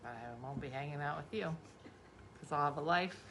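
A woman's voice: sits low, moderate pace, a bit bright, a little hiss or hum. A middle-aged woman from New Jersey, a comedian, chatting casually with her kid in a dry, teasing, sarcastic way. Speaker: comedian and podcast host.

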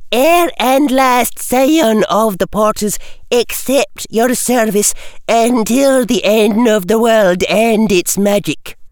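A man's voice: high voice, takes it slowly, clean tone, dry recording, clean studio sound, pitched above the performer's own voice. A man playing a stern Scottish witch professor. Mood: firm. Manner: firm, commanding. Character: stern older woman professor of magic.

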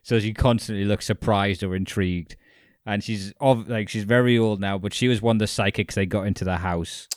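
A man chatting casually as a podcast co-host, telling a story with animated asides and casual swearing. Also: on the low side, a little fast, no echo, clean studio sound. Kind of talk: casual chat.

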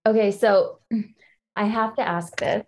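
A woman's voice: medium pitch, steady tone, slow. A woman interviewing a guest, upbeat and encouraging as she asks her questions. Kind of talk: casual interview chat.

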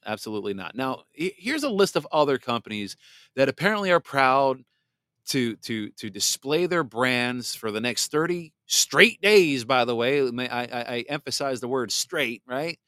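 A man's voice: a bit bright, no echo, studio quality. Blunt sarcastic man, podcast host. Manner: blunt and sarcastic, mocks voices in exaggerated falsetto; reads viewer comments aloud. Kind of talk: political commentary podcast.

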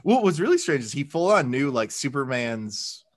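Chatty man co-hosting a podcast. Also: medium pitch. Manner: animated retelling, quick voiced asides. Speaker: podcast co-host. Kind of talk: casual chat recapping a TV episode.

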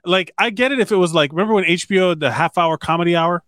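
Rambling podcast co-host, dry sound. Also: male voice, high-pitched, quick pace, fairly bright tone, no echo. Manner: rambling, restarts, interjects. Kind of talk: casual chat.

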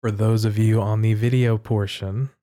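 A man co-hosting a podcast who comments in a measured, appreciative way. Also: fairly low pitch, level tone, warm tone. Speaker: podcast co-host.

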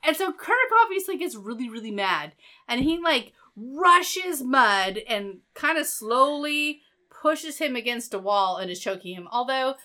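Woman podcast co-host, bright tone, playful sweary recap chat. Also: a little high, lively intonation, a little slow. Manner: sweary, joking, acting out characters' lines.

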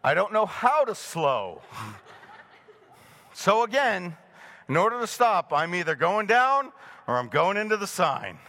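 Brief: middle-aged man, pastor preaching, high voice, chuckles through a story. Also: a little slow, long pauses. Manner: animated storytelling, chuckling often. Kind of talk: sermon with a personal story. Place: in front of a live congregation.

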